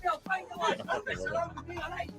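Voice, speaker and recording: A man putting on a foul-mouthed, crazy Scotsman with a Scottish accent, shouting about his winnings and threatening people. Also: level tone, fast, over loud music. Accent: put-on Scottish. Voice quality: shrill, threatening, swearing.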